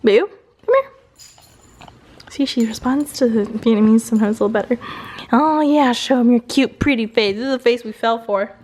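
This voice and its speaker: A woman's voice: a little high, fairly quick, darkish tone. A woman vlogging at home and talking to her dog in a giggly, cooing voice, with a dog heard in the background. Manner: cooing baby talk to a pet, giggly. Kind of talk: casual vlog chat with her dog.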